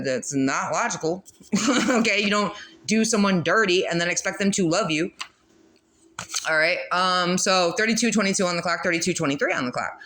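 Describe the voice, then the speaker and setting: A woman's voice: fairly low pitch, fairly bright tone. A woman doing a casual spiritual card reading, blunt and profane, laughing often as she talks. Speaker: tarot reader.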